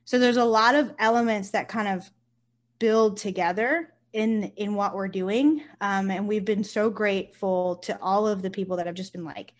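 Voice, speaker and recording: A woman, a nurse and company founder, talking casually in an interview and telling stories with lively, acted-out quotes. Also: mid-range voice, normal speed. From United States. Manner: animated storyteller, acts out quotes, swears casually.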